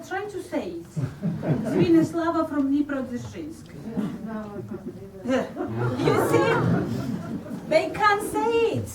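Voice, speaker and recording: A woman playing a sly, brash Ukrainian immigrant with a Ukrainian accent, pitched high and in no hurry, teasing the crowd in a stage comedy. Her voice comes from some distance on an echoing stage, with audience chatter and hiss behind it. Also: heavily acted. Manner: teasing, mock-confessional, laughing at her own jokes. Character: brash Ukrainian woman passing herself off as Russian. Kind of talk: live stage comedy character. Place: theatre stage. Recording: distant, roomy live stage recording with audience noise.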